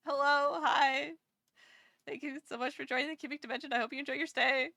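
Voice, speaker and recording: A woman streaming live and chatting with her viewers, with a high, bright and sharp voice. She teases, jokes at her own expense and swears freely, in a dry, close sound. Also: steady tone, brisk, vocal fry, dry recording. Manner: playful, self-deprecating, teasing, swears freely. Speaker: livestreamer reading chat. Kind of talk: casual live-stream chat.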